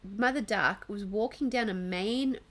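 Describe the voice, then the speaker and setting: A woman's voice: medium pitch, measured pace. Chatty young woman. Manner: chatty storyteller, soft and affectionate. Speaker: podcast co-host. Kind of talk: casual chat.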